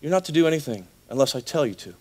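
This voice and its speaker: A man voicing God as a stern, commanding male figure who speaks low, firm and emphatic during a sermon story. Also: expressive, rapid-fire, a little mellow.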